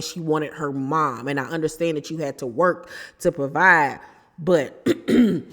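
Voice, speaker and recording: Opinionated woman recapping, hall reverb. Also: low-pitched. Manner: animated, opinionated, quotes people in quick bursts. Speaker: reality TV recap host. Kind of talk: casual chat recap.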